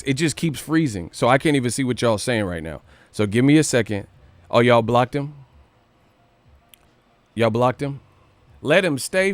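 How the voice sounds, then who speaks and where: A man hosting a boxing news livestream, ranting casually with profanity and rapid rhetorical questions. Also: medium pitch, no room sound.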